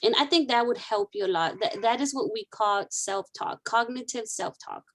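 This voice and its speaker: A woman's voice: a little high, moderate pace. Woman counselor coaching a client. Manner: coaching, repeats key phrases. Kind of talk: counseling session role-play.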